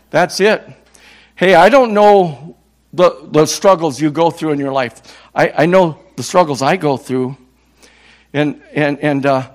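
This sixty-something Minnesota evangelist has a slightly high voice. His impassioned sermon is full of repeated words and swells into loud cries.

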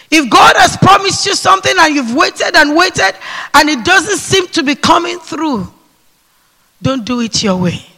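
A man preaching a sermon to a seated congregation, calling for responses and swinging between hushed whispers and shouts. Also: very high-pitched, animated, unhurried, gravelly. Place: church hall with seated congregation. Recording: long reverb of a large hall.

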